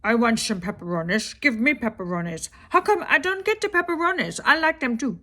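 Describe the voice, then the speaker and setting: A woman's voice: on the high side, lively intonation, fairly quick, bright, forceful tone. A whiny, demanding house cat begging at the table for a share of the food, as a woman puts on a silly voice for it. Its tone sounds unlike a person's everyday speech and jumps sharply upward as it complains. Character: pushy pet cat begging for pepperoni.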